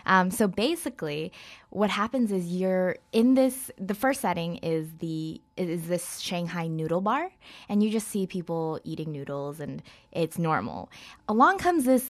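Woman guest, rambling and casual, slightly low voice, heavy on fillers. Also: lively intonation, unhurried. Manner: chatty, many fillers and hedges. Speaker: guest film reviewer. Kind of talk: casual interview chat.

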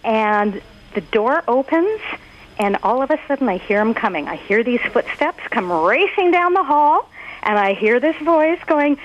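A woman who is a guest on a podcast, talking casually and telling stories in an expressive, animated way. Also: fairly high pitch, moderate pace, muffled recording, a little hiss or hum. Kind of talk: casual conversational interview.

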